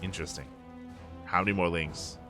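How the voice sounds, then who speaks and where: An esports caster, a man with a fairly low, relaxed voice, calls a live game while chatting with viewers. He's lively and joking and laughs often, with soft music playing quietly beneath his commentary.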